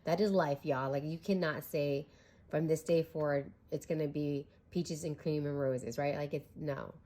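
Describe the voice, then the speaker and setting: A woman's voice: sits low, fairly even intonation, moderate pace, warm tone. A young woman giving a casual, chatty tarot reading, candid and swearing freely. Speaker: tarot reader.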